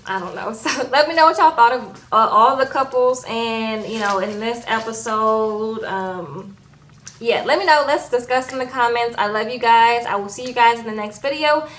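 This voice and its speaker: A young woman chats into her camera at home, retelling a reality episode scene by scene. She fills gaps with ums and likes, and her fairly high voice jumps up whenever she acts out what people said. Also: normal speed, fairly bright tone, a little hiss or hum, rough recording. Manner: chatty, acts out quotes in higher voices, frequent fillers. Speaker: reality TV recap vlogger. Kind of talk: casual chat recapping an episode.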